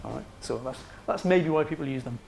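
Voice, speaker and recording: In a lecture room, a Welsh man talks through university psychology in a brisk, conversational manner, peppered with fillers and frequent "okay" check-ins. His voice is a little high, creaky, and darkish in tone.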